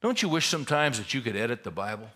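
A man preaching a sermon, telling a story in a conversational way that builds to loud, intense climaxes. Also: medium pitch, very animated, fast talker. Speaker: pastor.

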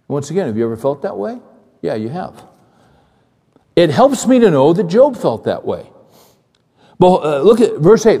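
Man, pastor, sermon, conversational preaching, repeats phrases, questions the congregation, fairly high mellow voice, long church reverb. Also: very animated, normal speed, long pauses, husky.

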